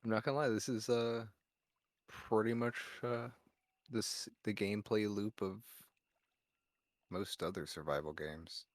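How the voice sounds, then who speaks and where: A laid-back male streamer with a lowish voice, talking over his game in a relaxed way. His remarks are dry and plain. The sound is close and dead, with no room in it. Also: measured pace, long pauses, no echo. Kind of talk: casual gaming commentary.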